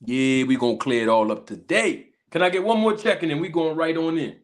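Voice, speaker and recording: A man from Philadelphia with a Philly accent hosting a casual livestream, greeting viewers with drawn-out shout-outs and catchphrases while a little sick. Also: fairly high pitch. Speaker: livestream host.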